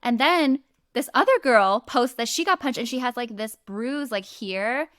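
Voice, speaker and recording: A woman in her thirties co-hosting a podcast, telling stories in a chatty, animated way with lots of "like". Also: a little high, moderate pace, no room sound, clean studio sound. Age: 30s. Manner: chatty, animated storytelling with frequent "like". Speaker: podcast co-host. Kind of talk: casual chat.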